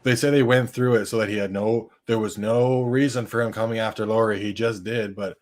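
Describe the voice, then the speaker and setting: A man hosting a casual watch party chat, talking loosely and swearing freely. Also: on the low side. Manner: casual, swears, talks fast when excited. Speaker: host.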